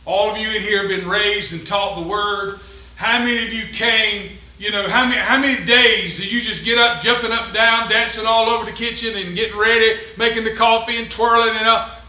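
A man's voice: sits high, steady tone, a little fast, bright, forceful tone, echoey room, poor audio. A man, preaching a fervent sermon with call-and-response in a church. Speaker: pastor. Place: church sanctuary.

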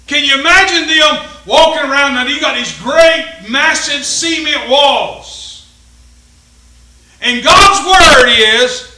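A man's voice: extremely high pitch, pushed and bright, reverberant, low-quality recording. A man, preaching a fervent sermon with call-and-response in a church. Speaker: pastor. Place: church sanctuary.

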